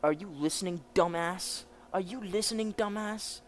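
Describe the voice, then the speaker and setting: A man voicing a gruff, hostile desert bandit who taunts and sneers. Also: high-pitched, moderate pace, slight background noise, pitched above the performer's own voice, close to an everyday voice. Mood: sneering.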